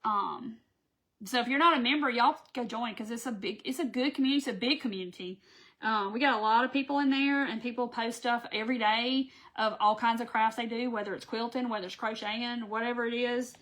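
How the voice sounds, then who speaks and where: A woman's voice: fairly high pitch, fairly quick, a bit bright. A woman hosting a live craft tutorial, chatting folksily with viewers as she works. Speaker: craft channel host.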